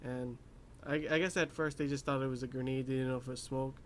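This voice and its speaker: A man's voice: medium pitch, steady tone, fast, slight background noise. A young man casually recapping an anime episode, rambling with lots of fillers and laughing at his own asides. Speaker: anime reviewer.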